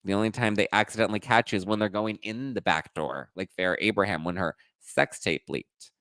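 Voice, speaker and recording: A man hosting a casual celebrity gossip livestream, sassy and dishy, swearing freely and tossing in quick asides. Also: lowish voice, fairly bright tone, clean tone, no room sound. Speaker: pop culture podcast host.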